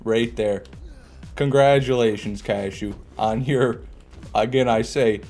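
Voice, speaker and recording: Male streamer, mid-pitched, jokey live commentary, laughs a lot, faint game music under him. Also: fairly even intonation, slow pace, a little mellow. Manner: joking, laughs often, restarts phrases. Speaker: gaming streamer.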